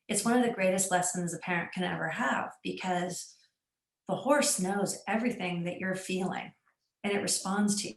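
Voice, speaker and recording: A woman's voice: mid-range voice, reverberant. A woman hosting a webinar, speaking earnestly and personally about parenting. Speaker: webinar host. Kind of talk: webinar talk.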